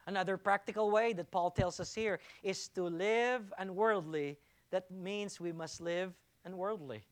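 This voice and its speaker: A man's voice: high-pitched, a little slow. A man preaching a sermon as pastor, stressing points by repeating phrases while the congregation answers him.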